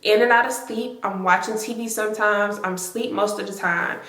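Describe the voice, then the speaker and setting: A woman's voice: medium pitch, fairly even intonation, normal speed, fairly bright tone. Young woman doing a chatty storytime vlog, says like a lot, echoey room. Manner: chatty, talks to viewers directly, heavy filler use. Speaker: storytime vlogger. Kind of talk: casual storytime narration.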